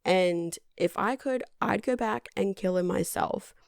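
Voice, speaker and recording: A woman's voice: mid-range voice, a little slow, creaky, no echo, clean studio sound. A woman quoting a devoted middle-aged aunt in a near-ordinary voice. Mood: earnest.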